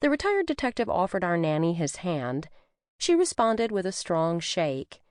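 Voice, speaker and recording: A woman narrates a cozy mystery in the first person, her voice lowish and full of lively pitch movement. She tells the story with expression. The studio recording is dry and close. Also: normal speed, dry recording. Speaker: audiobook narrator. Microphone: studio microphone.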